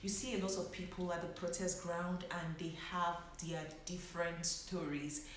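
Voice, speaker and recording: A woman's voice: lowish voice, little pitch movement, normal speed, heavy background noise. A young woman, a doctor, telling her own story in a reflective way and holding back emotion. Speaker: medical doctor. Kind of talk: personal vlog storytelling. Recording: very echoey room.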